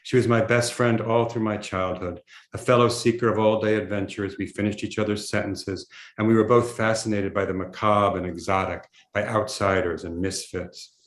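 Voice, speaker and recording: A man reading aloud from his memoir in a measured storytelling way over a video call. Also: on the low side, level tone. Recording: roomy echo.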